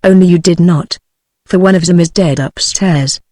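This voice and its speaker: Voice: mid-range voice, fairly even intonation, moderate pace, darkish tone, dry recording, clean studio sound, close to an everyday voice. A text-to-speech voice reading the lines of a flustered middle-aged male hotel proprietor in an audiobook. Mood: alarmed. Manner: breathless, stammering.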